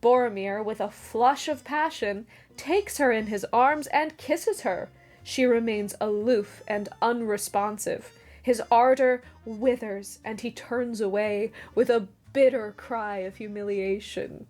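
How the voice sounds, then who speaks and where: A woman's voice: a little high, a little slow, darkish tone, faint music behind. A woman hosting a video essay in casual commentary, with wry, sarcastic asides.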